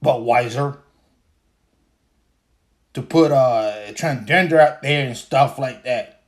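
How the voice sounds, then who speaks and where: A man's voice: mid-range voice, slow. A man hosting a livestream podcast in a casual, profane rant, repeating himself and laughing as he talks. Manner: profane, repetitive, laughs while talking. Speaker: podcast host.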